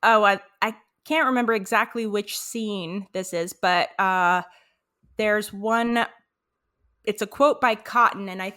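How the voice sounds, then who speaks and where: A woman's voice: medium pitch, a little slow, sharp tone. A woman co-hosting a podcast, chatting casually and reacting with exclamations. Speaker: podcast co-host. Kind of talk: casual chat.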